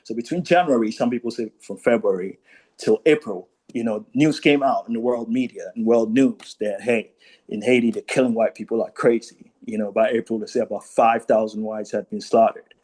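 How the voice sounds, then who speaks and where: A man's voice: on the low side, fairly even intonation, brisk, darkish tone, slightly rough, poor audio. A man giving an informal history lecture, talking conversationally and tagging his points with "you know" and "right?". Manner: reads quoted speeches aloud, then comments. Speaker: speaker at a commemoration talk.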